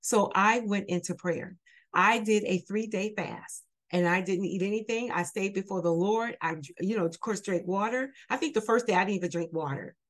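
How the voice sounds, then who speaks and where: Woman, minister, animated storytelling with dialogue played out. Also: mid-range voice, moderate pace. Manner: animated, acts out both sides of dialogue. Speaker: guest, minister. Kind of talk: storytelling testimony.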